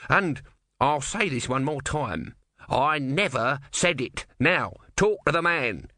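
A man voicing a grumpy, demanding male tortoise god in a storybook reading, with a gruff and bossy manner. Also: a little high, lively intonation, takes it slowly, bright, forceful tone, no room sound, clean studio sound, pitched above the performer's own voice, full character voice. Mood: bossy grumbling.

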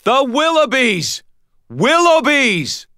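A man's voice: very high-pitched, big pitch swings, takes it slowly, sharp tone, dry recording, studio quality, voice pushed up, full character voice. A man voicing a stubborn, injured young wizard in an audiobook, urgent and pushy. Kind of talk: audiobook narration.

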